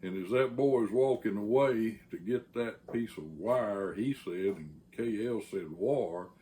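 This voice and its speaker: Texan man, host and storyteller, low voice, slow rambling delivery full of "uh" pauses. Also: dark tone. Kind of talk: casual storytelling.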